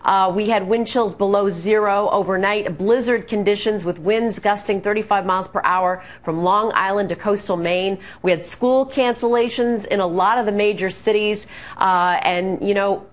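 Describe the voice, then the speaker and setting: A woman's voice: mid-range voice, steady tone. A woman meteorologist delivering a chatty weather update in the studio. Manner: brisk, chatty forecasting.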